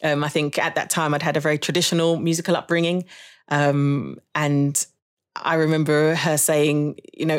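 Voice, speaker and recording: Speaking in a low voice with little pitch movement, this woman talks fairly quickly. As a podcast guest and jazz saxophonist, she shares stories from her schooldays, reflective and conversational, with plenty of laughter.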